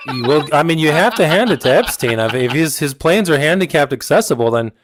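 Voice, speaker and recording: A man's voice: a little high, animated, a little fast, background noise. A man appearing as a musician guest on a podcast, explaining things in a meandering, hesitant way. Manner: meandering, hesitant, full of ums. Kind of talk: casual podcast chat.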